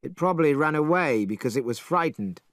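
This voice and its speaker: A man voicing a brash, fiery male monkey hero who shouts a lot, for a storybook reading. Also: fairly high pitch, lively intonation, fairly quick, no echo, clean studio sound, natural voice. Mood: angry shouting. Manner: shouting, boastful.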